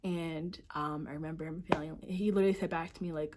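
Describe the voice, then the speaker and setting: A woman's voice: low-pitched, level tone, fast talker, darkish tone, slight background noise. Young woman telling a painful story. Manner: emotional, heavy use of filler "like", profane. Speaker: vlogger. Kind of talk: storytime vlog.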